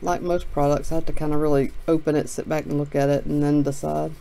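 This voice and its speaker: A woman's voice: low voice, level tone, quick pace, vocal fry, mellow, rough recording. A sick woman talking around a cough drop while casually calling out card names as she opens a box. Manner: muttering, reading names aloud. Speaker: card break host. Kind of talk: casual box-break commentary.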